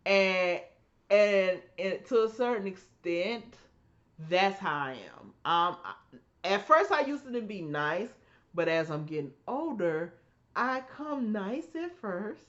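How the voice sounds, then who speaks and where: A woman co-hosting a relaxed podcast chat, telling stories with emphatic, animated delivery. She jumps into the voices of the people she quotes. Her voice sits at a middle pitch, and the recording sounds a little dull and lo-fi. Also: takes it slowly. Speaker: podcast co-host. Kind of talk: casual storytelling chat.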